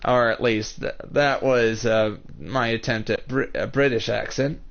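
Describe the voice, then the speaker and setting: A male livestreamer chatting slowly and haltingly, rambling and a little defensive as he talks. The sound is dull and lo-fi, from a cheap mic. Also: mid-range voice, fairly even intonation, gravelly. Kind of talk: casual livestream chat.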